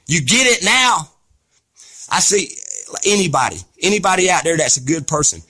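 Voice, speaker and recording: A man's voice: on the high side, very animated, normal speed, pushed and bright, slightly rough. A man delivering an impassioned, preachy rant to camera, fiery, scolding, blunt and profane. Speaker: vlogger.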